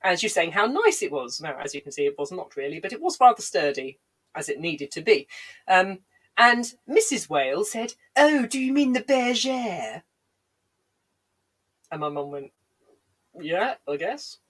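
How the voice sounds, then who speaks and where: A woman's voice: deep voice, sing-song, brisk, fairly bright tone, rough recording. A woman comedian telling digressive stories with dry, self-deprecating asides. She sounds a bit congested, with a lingering cough, on a home livestream. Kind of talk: rambling comic storytelling on a livestream.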